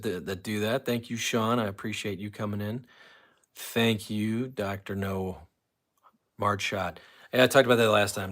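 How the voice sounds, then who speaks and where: A man with a lowish, fairly bright voice hosts a casual live stream from a room in his home that has an autograph wall. He rambles, reads out viewer comments and paces around the room as he talks.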